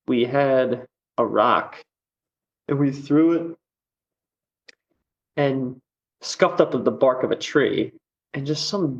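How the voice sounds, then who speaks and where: A man's voice: mid-range voice, lo-fi sound. A man chatting as a podcast guest, rambling with lots of fillers and easy laughs. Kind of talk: casual podcast chat.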